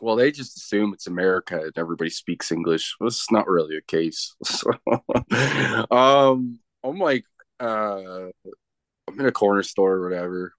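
A man's voice: low voice, moderate pace, no echo. Canadian guy rambling thru a story, lots of restarts, dry close sound. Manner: rambling with many restarts and fillers, chuckling. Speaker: professional wrestler, guest. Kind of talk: casual storytelling chat.

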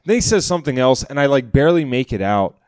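A man's voice: mid-range voice, fast talker, dry recording, studio quality. A man, a comedian and podcast co-host, telling a story in casual chat, acting out quotes and swearing freely. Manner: animated storyteller, acts out quotes, swears a lot. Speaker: podcast co-host, stand-up comic.

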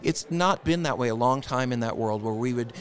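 A man's voice: medium pitch, brisk. A man appearing as a therapist guest on a podcast, speaking with blunt, emphatic conviction. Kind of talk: casual interview.

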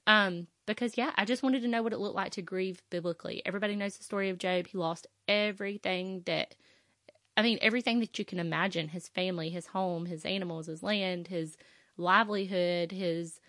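A woman's voice: on the low side, fairly quick, a bit bright, no echo, clean studio sound. A woman, talking on her faith podcast in an emotional, rambling way with many fillers. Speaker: podcast host. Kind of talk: personal faith podcast talk.

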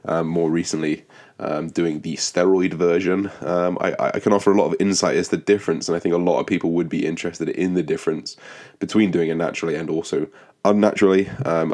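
Man, very deep voice, podcast host, casual rambling monologue, swears a lot, monotone. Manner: rambling, profane, frequent ums and restarts; describes own voice as monotone.

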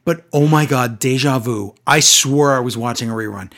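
A man co-hosting a casual wrestling recap podcast, talking in an animated way and acting out quotes in exaggerated voices. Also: mid-range voice, normal speed.

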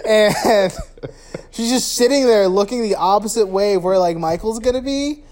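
A man's voice: sits high, moderate pace, a little mellow. A man talks through a horror movie scene by scene in loose podcast chat. He swears freely, laughs along, and jumps into the characters' voices as he goes. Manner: profane, laughing, acts out characters' lines. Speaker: podcast co-host. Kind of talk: casual film recap chat.

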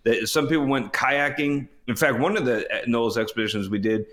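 A man's voice: mid-range voice, brisk, a bit bright. A man, a former astronaut, telling a long story in casual chat, rambling, restarting and laughing as he goes. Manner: rambling, self-interrupting storyteller, laughs often. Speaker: former astronaut, podcast co-host. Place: home by the water.

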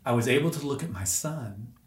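A man's voice: mid-range voice, lively intonation, brisk. A man telling an emotional personal story as a podcast guest, earnest and searching, with restarts. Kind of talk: personal testimony in an interview. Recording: roomy echo.

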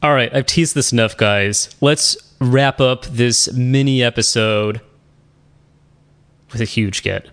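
This podcast host talks slowly in a mid-range, slightly bright voice. He's chatty and pokes fun at himself, often drifting off mid-thought and restarting, across casual chat and a solo wrap-up.

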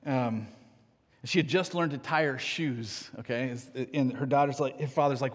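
A man's voice: mid-range voice, normal speed, slightly rough, long reverb tail. A man preaching a sermon as pastor, conversational and earnest, often checking in with "right?" and restarting his phrases.

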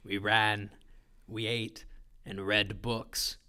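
A man voicing a gruff older bushman from a film, putting on an exaggerated New Zealand accent in a low, drawn-out voice. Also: level tone, pushed and bright, exaggerated voice. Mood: wistful. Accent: imitated New Zealand accent.

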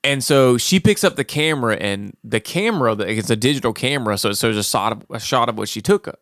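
A man's voice: medium pitch, fast, dry recording, studio quality. A man on a casual podcast, tipsy from beer, animatedly retelling a horror film's ending and acting out the characters' lines. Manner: animated storytelling, acting out quotes. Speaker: podcast co-host. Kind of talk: casual movie recap chat.

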